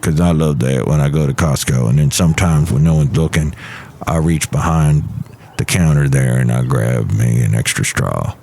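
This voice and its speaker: A gravelly grumbling fiddle player. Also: male voice, very deep voice, moderate pace, dark tone, slight background noise, voice pushed down.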